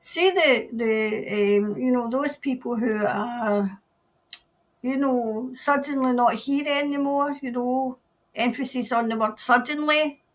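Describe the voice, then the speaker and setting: A woman's voice: fairly high pitch, takes it slowly. A woman, hosting a casual live stream as a tarot reader, chatting and rambling as she answers viewer comments. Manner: chatty and rambling, laughs often, trails off mid-sentence.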